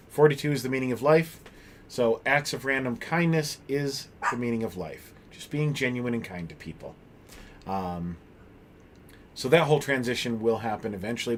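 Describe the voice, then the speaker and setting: A man hosting a home livestream, chatting casually with his viewers in a loose, rambling way with many pauses, and speaking openly about personal struggles. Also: medium pitch, a little hiss or hum. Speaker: livestream host. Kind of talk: casual chat with stream viewers.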